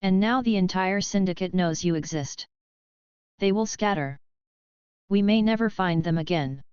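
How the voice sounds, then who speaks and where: A woman voicing a stern male vigilante leader who speaks flat and clipped. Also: mid-range voice, normal speed, clear, resonant tone, dry recording, dull audio, lightly acted.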